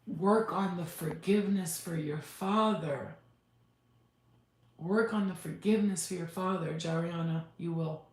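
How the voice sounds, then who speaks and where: A woman psychic medium channeling messages in a halting, repetitive, emotional way, close to tears. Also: fairly low pitch. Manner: halting, repetitive, restarts words. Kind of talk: live spirit channeling session. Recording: very echoey room, faint background noise.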